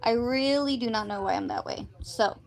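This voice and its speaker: Woman streamer, casual self-talk with whispered asides, gravelly and a touch high. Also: moderate pace, poor audio. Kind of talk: casual chat while studying.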